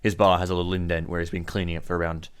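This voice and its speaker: A man with a low voice runs a tabletop game as game master. He narrates in a loose, casual way, tossing in swearing and laughter. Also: flat delivery, rapid-fire, clear, resonant tone.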